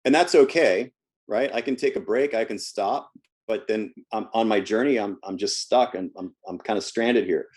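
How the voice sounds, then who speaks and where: A man with a lowish voice talks casually in an interview about his coaching work. He tells stories about his clients and often stumbles and repeats words as he goes. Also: moderate pace, darkish tone, slightly rough. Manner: storytelling, repeats words when restarting. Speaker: health coach guest.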